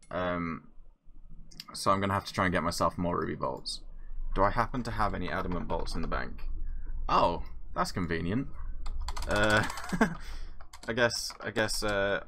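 A man giving live gameplay commentary, chatty and excitable, thinking aloud with lots of fillers. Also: deep voice. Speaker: gamer.

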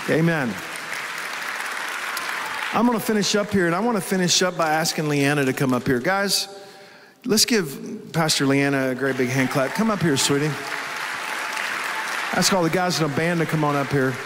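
A man's voice: on the high side, moderate pace, pauses often, in a large hall, crowd noise, background noise. A man preaching a sermon as pastor, telling a story with strong emotion. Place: church hall with live congregation.

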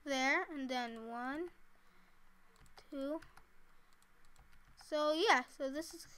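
A woman playing a building game talks casually to herself, chatty and giggly, as let's-play commentary. Her voice is high with a fairly bright tone, and she speaks very slowly.

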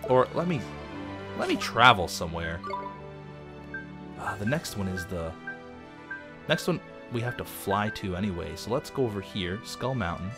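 A man casually commentating a video game as he plays, chatty and easygoing. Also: lowish voice. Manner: easygoing, chatty, quick reactions. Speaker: let's play gamer. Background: game music.

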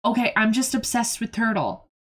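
A young woman streaming a game, chatting casually and excitably, swearing freely and talking to her chat and to the characters on screen. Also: a little high, moderate pace, slightly rough. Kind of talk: casual gameplay commentary.

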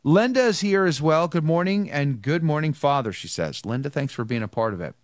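A man's voice: fairly high pitch, expressive, a little fast, dry recording. A man hosting a live show, greeting viewers by name and chatting with a priest guest. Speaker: host. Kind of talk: livestream greetings and chat.

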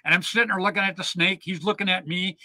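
A man hosting a show, telling casual stories in an animated, chatty way and checking in with "right?" and "man". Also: high voice, fast talker, no room sound. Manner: animated yarn-spinner, peppers lines with "man" and "right?". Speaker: show host. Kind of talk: casual storytelling chat.

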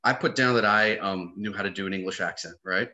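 Man, podcast guest, actor-comedian, bright tense voice, animated storytelling, casual swearing. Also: low-pitched, brisk, lo-fi sound. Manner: animated storyteller, swears freely, acts out quotes.

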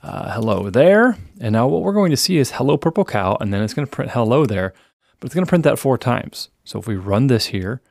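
A man teaching a programming lesson in a relaxed, explanatory way, reading the program output aloud as he works through the code. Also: medium pitch, brisk, vocal fry, dry recording, studio quality. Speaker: programming instructor. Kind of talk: screencast coding lesson.

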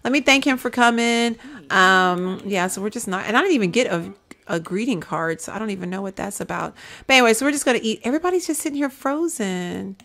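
A woman's voice: medium pitch, expressive, fast talker, a bit bright. A woman giving casual gameplay commentary, chatting to her viewers and coaxing her game characters along. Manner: chatty, coaxes and scolds her game characters, says "y'all". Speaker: gaming video creator.

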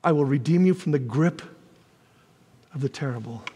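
A man preaching a sermon as pastor, animated, with folksy asides to the congregation and sudden shouted lines. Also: mid-range voice, normal speed, slightly rough, in a large hall. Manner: animated preaching, jumps to shouts when voicing God.

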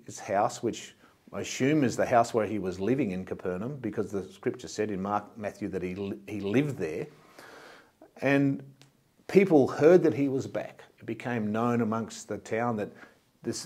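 A man's voice: mid-range voice, darkish tone, breathy edge. A man from Australia, a pastor, preaching a sermon in a plain, explanatory way and often repeating words as he goes.

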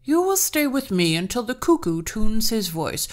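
A woman's voice: fairly high pitch, very animated, moderate pace, pitched above the performer's own voice. A woman voicing a sly, smiling old male troll farmer who talks with false kindness in a storybook reading. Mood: smug. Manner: blandly mocking, falsely kind.

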